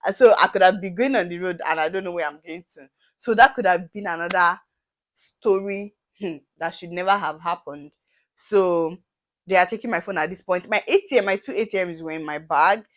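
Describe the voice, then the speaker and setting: A woman's voice: fairly low pitch, brisk. A young Nigerian woman with a Nigerian accent, telling a storytime vlog and acting out the people in it. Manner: animated, acts out dialogue in shifting voices. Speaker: vlogger.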